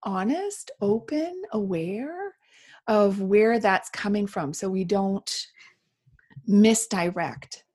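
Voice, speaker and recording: Woman, breathy tone, mid pitch, earnest and reflective, casual conversation. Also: expressive, takes it slowly. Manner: reflective, earnest, laughs softly.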